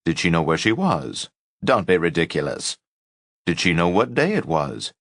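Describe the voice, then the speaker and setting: A man reading a memoir audiobook aloud, measured storytelling with lively inflection. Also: deep voice, no echo, studio quality. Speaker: audiobook reader.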